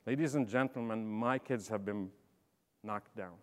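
A middle-aged man giving a motivational leadership talk, telling stories and swinging from quiet asides to loud, emphatic bursts. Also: on the low side, unhurried. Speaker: speaker. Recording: long hall reverb.

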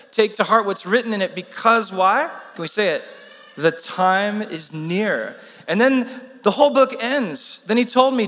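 A man's voice: sits high, fairly bright tone, big-room sound. A man preaching a sermon with urgent emphasis, asking the congregation rhetorical questions. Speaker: pastor.

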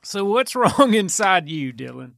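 A man hosting a podcast in casual chat, telling rambling, drawn-out stories. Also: sits high, sing-song, vocal fry, fairly bright tone, no echo, clean studio sound. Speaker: podcast host.

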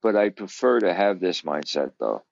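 Deep-voiced man, earnest and reassuring. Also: very animated, moderate pace, creaky, no echo, lo-fi sound. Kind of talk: casual chat.

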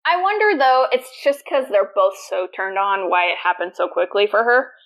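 A woman's voice: medium pitch, expressive, normal speed, fairly bright tone, rough recording. A woman co-hosting a podcast, chatting casually and animatedly retelling scenes with laughter. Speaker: podcast co-host. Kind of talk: casual chat.

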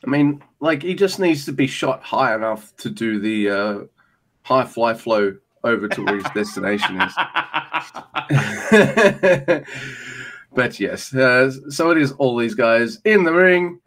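A man co-hosting a podcast, recapping a wrestling match in a rambling, profane, animated way. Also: medium pitch, slow pace. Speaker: podcast co-host. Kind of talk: casual wrestling recap chat.

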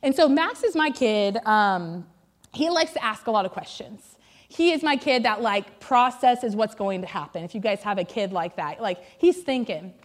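A woman's voice: medium pitch, lively intonation, moderate pace. A woman in her thirties, a pastor's wife, preaching to a congregation in a chatty, self-deprecating storytelling style. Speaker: pastor's wife giving a sermon. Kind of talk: humorous storytelling sermon. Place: on stage before a church congregation.

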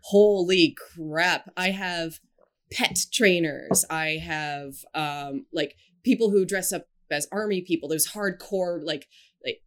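Giggly, rambling woman, slightly low voice. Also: slow pace. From Scotland and China. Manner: giggly, rambling, lots of fillers. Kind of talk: casual chat.

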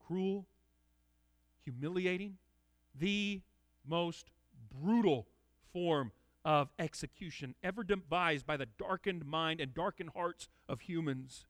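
A man's voice: fairly high pitch, slow pace, a bit bright, no room sound. A man giving an expository sermon in an earnest, emphatic way, often repeating words as he restarts. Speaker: preacher.

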